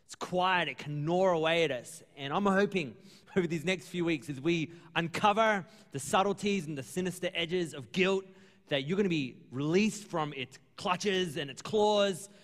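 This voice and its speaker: A man's voice: a little high, moderate pace, fairly bright tone, big-room sound. A man preaching a sermon as pastor, earnest and conversational, acting out little exchanges with churchgoers. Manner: conversational, earnest, acts out dialogue.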